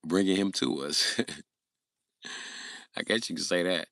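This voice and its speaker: A man hosting a casual livestream rant, answering chat comments loudly, swearing and joking. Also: deep voice, very slow, no echo, studio quality. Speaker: livestream host.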